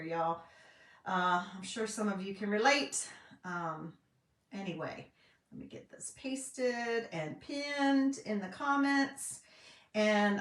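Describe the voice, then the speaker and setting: A woman's voice: mid-range voice, a bit bright. A middle-aged woman with a Southern US accent, chatting casually on a live craft stream from her home craft room, full of fillers and folksy asides. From North Carolina. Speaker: craft vlogger and independent designer. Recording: echoey room, voice a bit distant.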